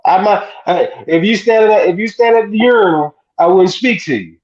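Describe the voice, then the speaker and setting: A man's voice: sits high, moderate pace, a little mellow. A man co-hosting a casual uncensored chat, swearing a lot and asking "you know what I'm saying" again and again. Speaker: podcast co-host. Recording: dull lo-fi sound.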